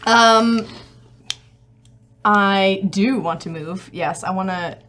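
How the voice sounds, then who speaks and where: Woman tabletop player, mid-pitched, slow and hesitant. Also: noisy background. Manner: hesitant, thinking aloud over choices. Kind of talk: tabletop game banter.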